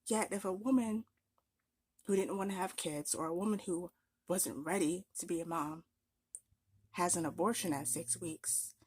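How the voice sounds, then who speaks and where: A young woman rants to her vlog audience, sarcastic and exasperated, hammering each point with emphasis. Her voice is husky and sits fairly low. The sound is dry and close. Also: moderate pace, long pauses, a little mellow, no room sound. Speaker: vlogger. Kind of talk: ranting commentary vlog.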